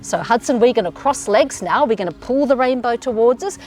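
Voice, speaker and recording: A woman's voice: a little high, animated, brisk, darkish tone. An Australian woman leading a children's yoga class in an encouraging, sing-song way, with playful animal sounds. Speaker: kids yoga teacher.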